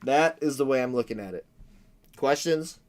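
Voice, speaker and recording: A man's voice: medium pitch, normal speed. A man hosting a livestream, commenting crudely and jokingly on a map. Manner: crude, joking, acts out war noises. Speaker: livestream host.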